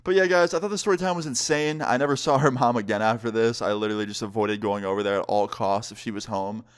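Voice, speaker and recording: A young man telling a personal story in a casual, animated way, with lots of filler words. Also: fairly low pitch, quick pace, smooth. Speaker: vlogger. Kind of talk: storytime vlog.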